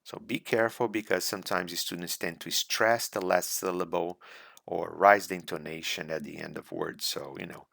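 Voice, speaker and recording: A man teaching an English speaking exam in a recorded slideshow lecture, deliberate and coaching, repeating key points. English is not his first language. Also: deep voice, fairly even intonation, gravelly, a bit bright, no echo.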